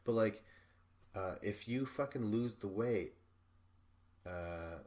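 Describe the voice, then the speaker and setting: A man's voice: fairly low pitch, slow pace, a little mellow. A young man hosting a podcast alone, recapping an episode in a rambling, profane way with self-mocking asides. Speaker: podcast host.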